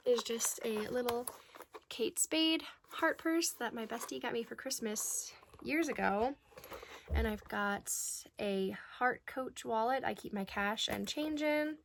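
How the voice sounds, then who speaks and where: Woman, vlogger, casual get-ready chat, rambling, bubbly, a bit high-pitched. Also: measured pace, slight background noise.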